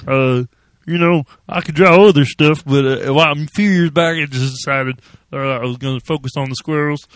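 A man voicing a dim-witted, earnest illustrator who draws only squirrels, talking in slow, halting phrases. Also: a little high, no echo, natural voice.

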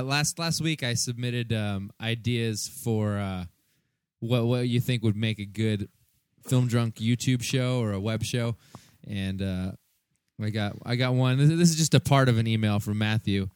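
A man's voice: lowish voice, normal speed, a little mellow, smooth, no room sound. Male podcast co-host, loose rambling storyteller, crude and self-mocking, dry close mic. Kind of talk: casual chat.

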